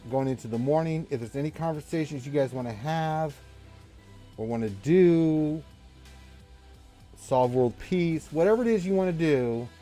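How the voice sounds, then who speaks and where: A man's voice: fairly high pitch, mellow. A man runs a tabletop game as game master, talking loosely with lots of fillers. He jokes with his players and sounds a little tipsy. Faint music plays behind him. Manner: loose, joking, rambling with fillers. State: a bit tipsy. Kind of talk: running a tabletop game, casual chat.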